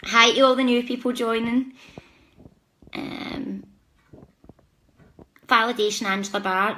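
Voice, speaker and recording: A woman's voice: mid-range voice, little pitch movement, unhurried, long pauses. A woman hosting a live-stream psychic reading, talking chattily and apologetically straight to her viewers. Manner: chatty, warm-hearted, apologetic, speaks directly to viewers. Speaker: psychic reader.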